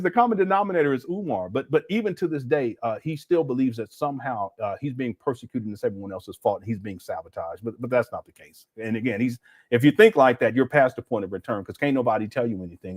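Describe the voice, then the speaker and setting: Animated man hosting a livestream. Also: mid-range voice, quick pace. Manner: animated, incredulous, talks to chat, frequent fillers. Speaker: livestream host reading super chats. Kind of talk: casual livestream commentary.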